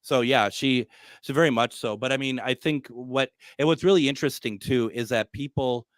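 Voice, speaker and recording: Guy hosting a live talk show, tells stories all animated, does little voices for his own quotes, lots of ums, dry close sound. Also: mid-range voice, moderate pace, no echo. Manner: animated storyteller, acts out his own quotes, many fillers. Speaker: radio show host.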